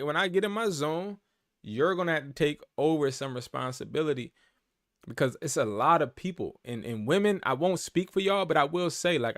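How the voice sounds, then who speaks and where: A man coaching fellow resellers in a casual vlog monologue, animated and slangy, repeating words for emphasis. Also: a little high, no room sound, studio quality.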